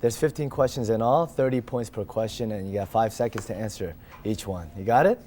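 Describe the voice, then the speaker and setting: A man with a husky voice from a cold, hosting a quiz show and reading out the questions and rules with joking asides. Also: on the low side, fairly quick, a little mellow, a little hiss or hum. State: has a cold.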